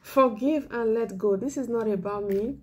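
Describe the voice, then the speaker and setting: At normal speed and with a slightly high voice, a woman preaches an exhortation sermon over slight background noise. Emotional and near tears, she pleads earnestly, restates her points, and drops into a whisper on key words.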